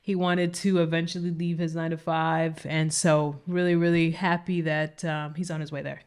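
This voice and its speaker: A woman's voice: sits low, level tone, moderate pace, a little mellow, clear, resonant tone. A woman co-hosting a business podcast, upbeat and speaking straight to the listeners. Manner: upbeat, addresses listeners directly. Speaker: podcast co-host. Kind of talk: casual business podcast chat.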